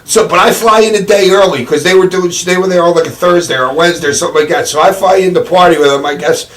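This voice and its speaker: A man's voice: sits high, quick pace, slight background noise. Profane laughing man telling a story. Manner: profane, rambling, laughing often. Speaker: interviewee. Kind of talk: casual storytelling.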